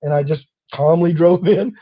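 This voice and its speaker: A man's voice: on the high side, moderate pace, muffled recording. A man hosting a casual talk, telling a long personal story and acting out the voices of people in it. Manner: animated storyteller acting out quoted officers. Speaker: host.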